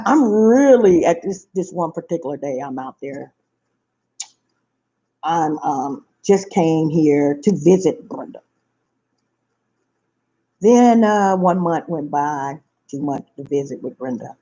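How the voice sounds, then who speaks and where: A woman tells a personal story, her husky, gravelly voice rising and falling all over. She talks emphatically and repeats her phrases for weight. The recording is dull and lo-fi. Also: fairly low pitch, mellow. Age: 50s. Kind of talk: casual storytelling to viewers.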